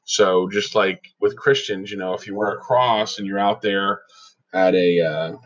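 A man's voice: sits low, measured pace, poor audio. A man co-hosting a casual talk about his faith, telling anecdotes and acting out the people he quotes. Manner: storytelling, quotes others in lively voices. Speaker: podcast co-host.

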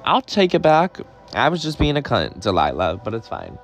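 Gossipy, profane and dramatic, a young podcast host retells a story in a casual way. His medium-pitched voice swoops wildly at normal speed, with vocal fry, over soft background music.

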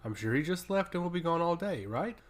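A man's voice: fairly high pitch, expressive, fairly quick, lightly acted. A man voicing a proud, powerful woman priestess who speaks in a curt, cutting way, in an audiobook reading. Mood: sarcastic.

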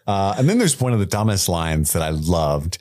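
Podcast co-host, male, low voice with lots of lift, joking and mocking lines as he recaps. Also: sing-song, normal speed, darkish tone, no echo. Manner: laughs often, acts out lines in mocking voices. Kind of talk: casual chat recapping an episode.

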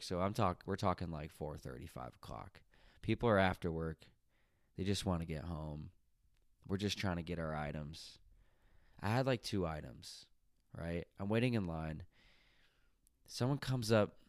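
A man's voice: sits low, dry recording, clean studio sound. A man who works as a teacher, telling a personal story in a conversational, reflective, self-deprecating way. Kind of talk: casual storytelling monologue.

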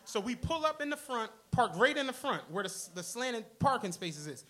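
On the stage of a comedy club, a podcast co-host tells a profane story to a live audience, animatedly acting out the people in it. His voice is extremely high-pitched and fairly quick.

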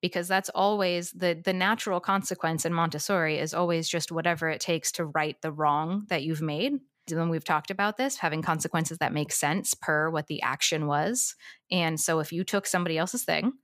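Woman, low voice, calm, matter-of-fact, teacher, dry close sound. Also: moderate pace, dry recording. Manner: calm, matter-of-fact storytelling with classroom examples. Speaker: Montessori teacher and podcast co-host. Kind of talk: casual podcast discussion.

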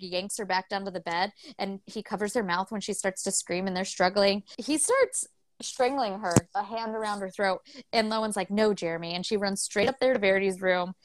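A woman co-hosting a casual book podcast, retelling the story with animated voices for the characters and casual swearing. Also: medium pitch, no room sound. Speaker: podcast co-host.

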